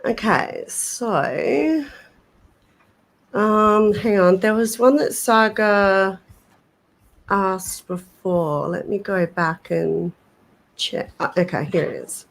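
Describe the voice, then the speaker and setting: A woman co-hosting a casual paranormal livestream, talking hesitantly with many fillers and restarts. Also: mid-range voice. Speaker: paranormal channel co-host.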